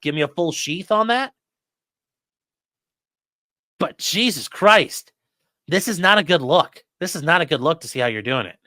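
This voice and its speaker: A man's voice: fairly high pitch, bright, forceful tone, no echo, clean studio sound. A man hosting live legal commentary, talking bluntly and with lots of swearing. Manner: blunt, profane, exasperated. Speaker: lawyer and commentary host.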